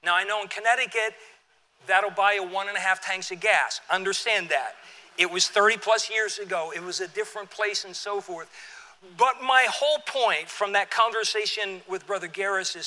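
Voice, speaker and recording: A man's voice: high voice, normal speed, pushed and bright. Older guy pastor telling a story, lots of restarts, long echoey church reverb. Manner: conversational storytelling with frequent restarts. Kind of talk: sermon with personal story. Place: church sanctuary.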